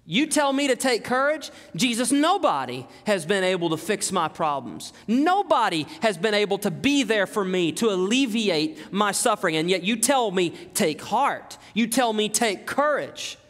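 A male preacher voicing a despairing paralyzed man who pleads in a low, quiet voice. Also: big pitch swings, normal speed, hardly any pauses. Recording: long hall reverb.

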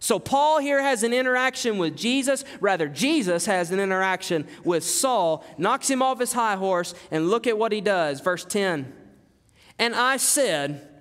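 High-voiced preacher in a reverberant hall. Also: male voice, expressive, moderate pace, few pauses, fairly bright tone. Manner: emphatic, repetitive preaching with rhetorical questions. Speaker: pastor. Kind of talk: sermon.

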